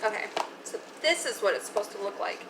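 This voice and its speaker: A woman's voice: mid-range voice, animated, fast talker. A young woman talking casually through a recipe in her home kitchen, rambling and poking fun at herself as she goes. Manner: rambling, self-mocking asides. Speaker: cooking vlogger. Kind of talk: casual cooking demo chat. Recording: noisy home kitchen audio.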